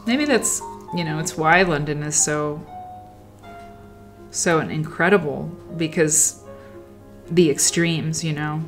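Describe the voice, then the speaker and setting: Faint music sits behind a woman with a low-pitched voice who takes things slowly. At home and sewing, she hosts a livestream, meandering through reflective stories that often trail off.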